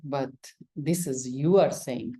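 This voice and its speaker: A woman's voice: extremely low pitch, slow pace, mellow, breathy edge. A woman with an Indian accent teaching a yoga lesson, coaxing answers from her student with questions and acted-out examples.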